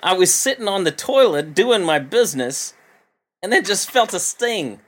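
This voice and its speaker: A man doing an Australian accent to voice a young Australian man, speaking higher and louder than his own voice. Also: big pitch swings, normal speed. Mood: matter-of-fact. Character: young Australian man, blunt and matter-of-fact. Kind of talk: comedic impression in podcast banter.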